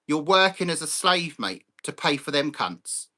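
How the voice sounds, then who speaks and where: A man with a bright, forceful voice and a slightly high pitch, hosting a live stream. He rants bluntly, swears a lot and keeps greeting viewers by name. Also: very animated, normal speed. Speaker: livestream host.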